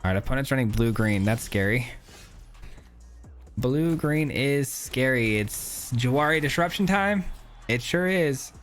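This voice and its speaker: A man's voice: mid-range voice, animated, a little slow, fairly bright tone, faint music behind. A man giving casual, chatty commentary on his own gameplay, thinking aloud with many filler words. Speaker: gaming YouTuber.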